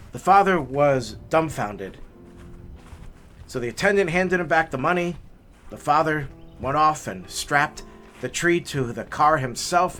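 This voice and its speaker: A man telling a heartwarming story in a casual, folksy way as the host of a hiking video. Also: on the high side. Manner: folksy, repeats words, animated telling.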